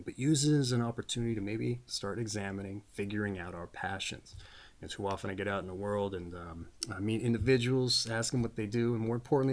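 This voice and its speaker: In a lowish voice, a male host gives a loose, meandering birthday astrology reading. He's folksy, keeps asking "all right?", and laughs at his own jokes.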